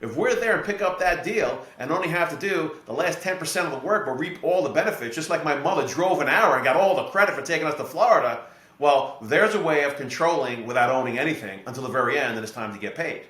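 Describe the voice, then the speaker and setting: A middle-aged man from New Jersey, a podcast guest and real estate investor, explaining his ideas through steady anecdotes. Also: on the high side, fast. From New Jersey, USA. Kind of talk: podcast interview storytelling. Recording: echoey room.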